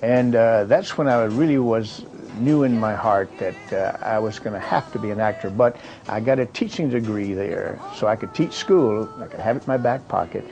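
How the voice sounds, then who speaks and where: A man's voice: lowish voice, moderate pace, a little mellow, highs cut off. An older man from Kentucky, a retired actor, recalling his career in a rambling way with fillers and restarts. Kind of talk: reminiscing monologue.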